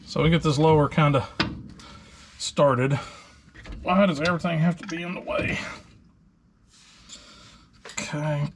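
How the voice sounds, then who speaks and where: A man's voice: on the high side, measured pace, pauses often, a little hiss or hum. A man hosting a truck repair video, chatting casually and filling gaps with ums while he works on parts in a garage. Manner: relaxed, chatty, talking while wrenching with many fillers. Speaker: host of a truck repair channel. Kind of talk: casual workshop talk-through.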